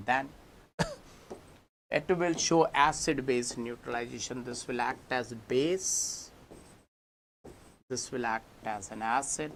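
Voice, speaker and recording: A man's voice: mid-range voice, a little hiss or hum. A man with an Indian English accent teaching chemistry in an exam-prep lecture, speaking to students as kids and acting out the molecules. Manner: animated, addresses students as kids, acts out molecules.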